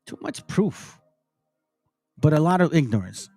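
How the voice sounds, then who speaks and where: A man's voice: on the high side, sing-song, unhurried, a little mellow, slightly rough, no echo. A man hosting his own channel, giving heated, preachy commentary over video clips and speaking straight to his listeners. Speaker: channel host reacting to videos.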